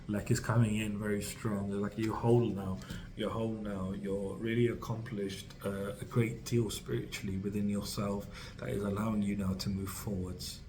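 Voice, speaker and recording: Low, flat-voiced man giving a tarot reading. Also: normal speed, a little hiss or hum, poor audio. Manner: rambling, full of fillers and restarts; reassuring, speaks directly to the listener. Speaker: tarot reader.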